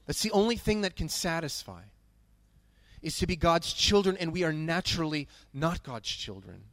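A man's voice: fairly high pitch, lively intonation, normal speed, fairly bright tone, dry recording. Earnest man preaching a sermon, dry sound. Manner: earnest, emphatic, repeats key phrases. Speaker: pastor.

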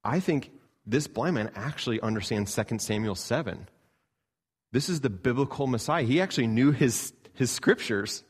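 A man, a pastor from Canada, preaching a sermon in an earnest style, rising to emphatic peaks and dropping low. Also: expressive, normal speed, breathy edge.

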